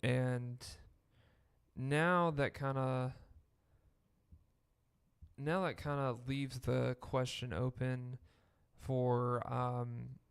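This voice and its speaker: Slow, gravelly male co-host for a rambling casual sports chat. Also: mid-range voice, little pitch movement. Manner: slow, rambling, with fillers and laughs. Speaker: podcast co-host.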